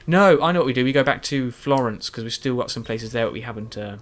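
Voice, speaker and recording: A man's voice: medium pitch, expressive, fast talker. A man giving rambling, self-deprecating post-recorded commentary over a video game, tired and yawning late at night. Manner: meandering, self-deprecating, many restarts and fillers. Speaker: gaming YouTuber.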